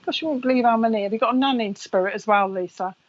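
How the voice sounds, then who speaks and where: A woman's voice: a little high, very fast, dull audio. A woman who works as a psychic medium, giving a live reading. She chats away, passes on messages to viewers by name and laughs often.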